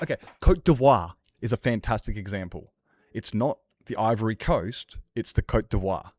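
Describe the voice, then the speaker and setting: Rambling man, low dry voice. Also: expressive, a little fast, a little mellow, dry recording. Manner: rambling, argumentative, swears casually. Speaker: livestreamer. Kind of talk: casual chat with viewers while gaming.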